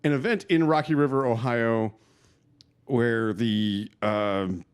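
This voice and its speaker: A man's voice: mid-range voice, slow pace, clear, resonant tone. A man co-hosting a podcast in casual chat, eager to jump in with his own story. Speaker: podcast co-host.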